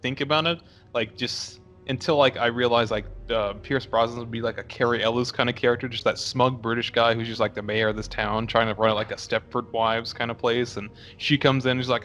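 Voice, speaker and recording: A man's voice: medium pitch, steady tone, fairly quick, few pauses, fairly bright tone, soft background music. A man co-hosting a casual movie review podcast, rambling with lots of "like" and swearing. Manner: rambling, filler-heavy, profane. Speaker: podcast co-host.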